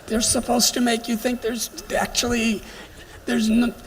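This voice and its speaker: Slow-speaking man lecturing in a reverberant hall. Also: very high-pitched, monotone, a bit bright. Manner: slow, reflective storytelling with emphatic pauses. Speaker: spiritual lecturer. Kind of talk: devotional lecture. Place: temple hall during a pilgrimage. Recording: long hall reverb, faint background noise.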